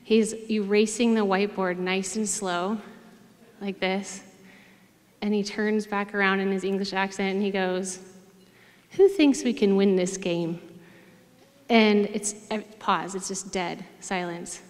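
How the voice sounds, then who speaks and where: A middle-aged woman, a former player and coach, telling lively stories with many fillers in an interview. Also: medium pitch, a little slow. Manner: animated storyteller, many fillers. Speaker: hall of fame inductee, former player. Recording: reverberant hall.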